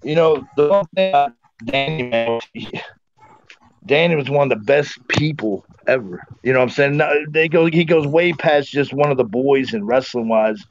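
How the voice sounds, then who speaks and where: A man's voice: medium pitch, normal speed, faint music behind. Profane, heartfelt man on a muffled call. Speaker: guest wrestler. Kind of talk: casual remembrance on a video call.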